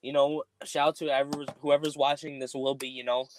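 A man's voice: medium pitch, little pitch movement, a little fast, slight background noise. A man hosting a casual podcast, rambling with lots of ums while making announcements. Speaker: podcast host.

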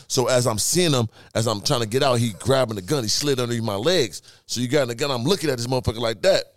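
Fast-talking animated male storyteller. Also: medium pitch. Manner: animated, profane storytelling with sound effects. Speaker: podcast guest. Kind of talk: casual storytelling.

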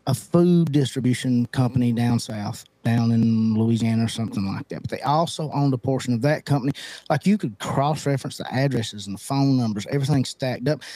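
Dude co-hosting a podcast, mellow low tone, dead dry sound, kinda rambly and fired up. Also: male voice, dry recording. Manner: rambling, self-deprecating, gets worked up. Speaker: podcast co-host. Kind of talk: casual podcast chat.

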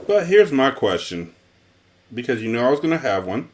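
A man's voice: medium pitch, very animated, normal speed, a little hiss or hum. A man co-hosting a podcast, questioning a movie's logic and thinking aloud in casual chat. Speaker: podcast co-host.

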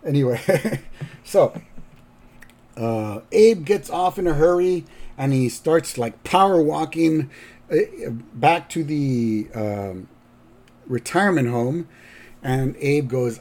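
A man casually recapping a cartoon episode as a podcast host, halting and rambling. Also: fairly high pitch, animated, darkish tone. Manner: rambling, halting, with fillers and restarts.

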